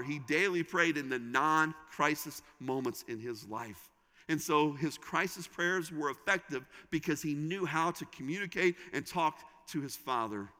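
A middle-aged man preaching a sermon as a pastor, with dramatic pauses and sudden drops to a soft, intimate tone. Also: medium pitch. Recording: reverberant hall.

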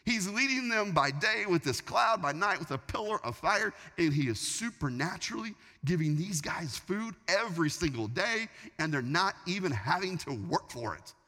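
A man delivers a sermon with an animated storyteller's flow, stumbling over and restarting his sentences. His voice is bright and forceful and swings widely up and down in pitch. The sound carries the long reverb of a large hall. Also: moderate pace, hardly any pauses. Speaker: pastor.

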